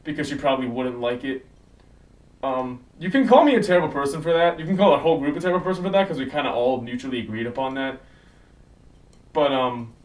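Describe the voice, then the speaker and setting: Teen male vlogger, slangy and self-correcting, recorded a little far from the camera mic. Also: mid-range voice. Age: late teens. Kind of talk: casual storytelling to camera. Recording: slightly distant mic, faint noise.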